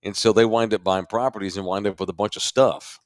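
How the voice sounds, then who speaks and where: A man's voice: on the low side, steady tone, fairly quick, dry recording, studio quality. A middle-aged man, co-hosting a podcast in laid-back, rambling casual chat. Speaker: podcast co-host.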